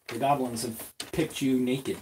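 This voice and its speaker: A game master narrating a tabletop game in slow, drawn-out descriptions. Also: mid-range voice, steady tone, mellow, slight background noise. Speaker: dungeon master.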